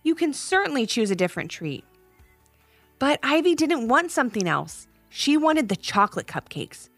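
A woman narrating a children's story podcast in an expressive read-aloud manner. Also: a little high, no echo.

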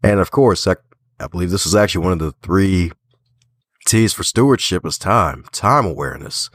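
A guest author and podcaster from Baltimore, lightly Southern-twanged, speaks at normal speed in a low, animated voice with a breathy edge. It's casual interview talk, upbeat and folksy with plenty of laughs, and there's no room sound.

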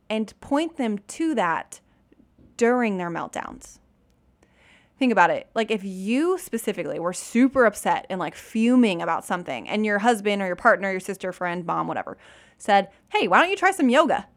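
A woman in her thirties who is a mother, giving casual, chatty parenting advice straight to her viewers, often laughing and saying "you guys". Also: medium pitch.

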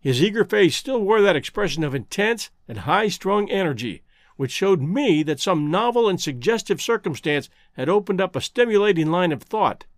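A man reading a classic detective story as narrator, with expressive storytelling. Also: high-pitched, normal speed, no echo, studio quality. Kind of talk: scripted narration.

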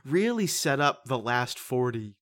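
A podcast co-host reviewing a horror movie in casual chat, animated, swearing and laughing often, with many fillers. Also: medium pitch, measured pace.

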